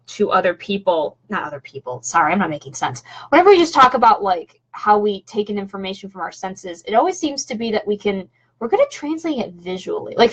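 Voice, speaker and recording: A woman's voice: medium pitch, muffled recording. A woman vlogger chatting casually on a home live stream, rambling with lots of fillers and restarts. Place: home room.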